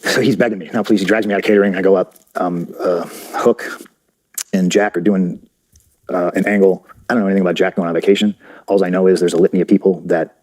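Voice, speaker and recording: A man's voice: sits low, darkish tone. A man telling backstage stories bluntly in an interview, swearing freely and acting out what others said. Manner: blunt, profane, rapid storytelling with quoted dialogue. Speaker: interview guest, wrestler. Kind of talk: candid interview storytelling.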